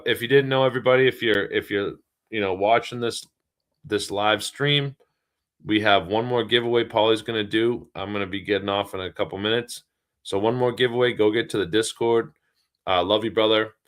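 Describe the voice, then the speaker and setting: A man with a low, deep voice chats casually on a livestream. He rambles along easily, with plenty of ums and you-knows. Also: fairly bright tone. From Boston area, US. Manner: easygoing, rambling, many fillers. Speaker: livestream co-host.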